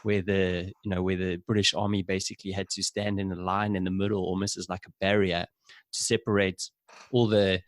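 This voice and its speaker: A young South African man with a South African accent, a podcast guest telling stories in a relaxed, chatty way with fillers. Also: low voice, fairly quick, no room sound. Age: young adult. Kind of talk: casual interview chat.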